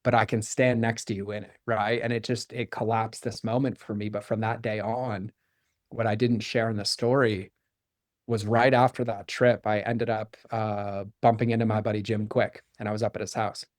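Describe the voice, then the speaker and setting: A man with a fairly low voice tells a personal story as a podcast guest. He is candid and animated, and he acts out the dialogue he quotes. The sound is close and dry, with no room around it. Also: normal speed, no echo. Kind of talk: storytelling in conversation.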